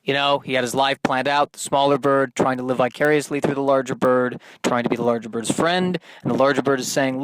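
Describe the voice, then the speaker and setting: A man's voice: medium pitch, fairly even intonation, a little fast, hardly any pauses, no echo. A man hosting a solo podcast, rambling in a stream-of-consciousness monologue with self-deprecating humor. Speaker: podcast host.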